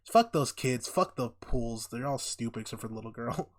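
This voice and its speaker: A man co-hosting a casual podcast, recapping a TV show in a profane, animated way and acting out the characters' lines. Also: mid-range voice, moderate pace. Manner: profane, animated retelling with acted-out quotes. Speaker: podcast co-host.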